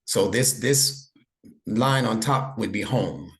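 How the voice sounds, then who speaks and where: A man's voice: lowish voice, slow, gravelly. A man teaching an online lesson over a video call, patient and encouraging, praising his student often. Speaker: instructor.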